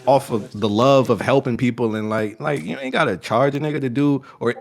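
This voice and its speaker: A man chatting casually as a guest, relaxed and agreeable, using slang. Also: medium pitch, brisk, vocal fry. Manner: laid-back, agreeing, slangy. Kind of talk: casual podcast banter.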